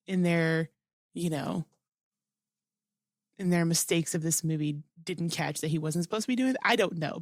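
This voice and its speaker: A woman's voice: fairly low pitch, no echo, studio quality. A woman co-hosting a podcast, chatting casually about a movie and rambling with many fillers. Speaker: podcast co-host. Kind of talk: casual movie review chat.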